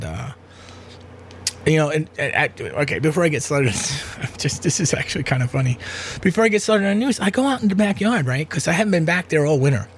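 A man's voice: medium pitch, a little hiss or hum. A man hosting his own talk show from home, rambling casually through asides with lots of fillers. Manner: chatty, meandering, many fillers and asides. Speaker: podcast host. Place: home room with air conditioner.

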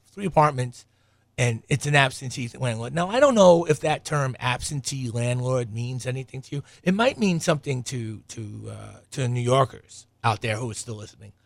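A man's voice: mid-range voice, creaky, fairly bright tone, dry recording. A man hosting a podcast, telling a rambling, profane story from a room at home and chuckling often. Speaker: podcast host.

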